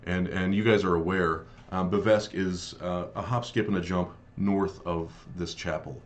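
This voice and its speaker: Deep-voiced man narrating a tabletop game. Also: steady tone, muffled recording, slight background noise. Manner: halting, searching for words. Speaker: game master.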